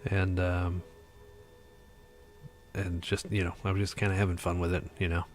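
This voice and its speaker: A man's voice: deep voice, flat delivery, normal speed. A tired man hosting a casual livestream chat, rambling with lots of fillers. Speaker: livestream host.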